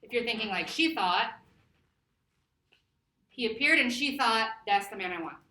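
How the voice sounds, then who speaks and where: A woman teacher giving a classroom lesson, lively and laughing, stretching words out slowly to model them. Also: a little high. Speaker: Spanish teacher. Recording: echoey classroom from far off.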